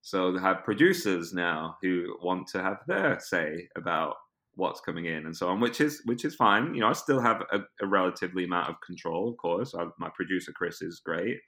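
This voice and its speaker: A British man, an actor and filmmaker, chatting as an interview guest with a rambling, animated way of telling stories and lots of "like" fillers. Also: low voice, moderate pace. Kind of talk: casual interview chat.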